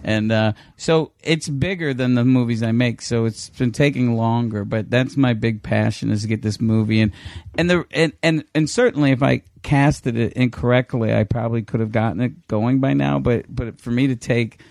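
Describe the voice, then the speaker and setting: A man in his fifties, a guest on a podcast, telling profane, animated anecdotes with lots of restarts. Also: medium pitch, moderate pace, gravelly, hardly any pauses, dry recording, studio quality. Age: 50s. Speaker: podcast guest, film director.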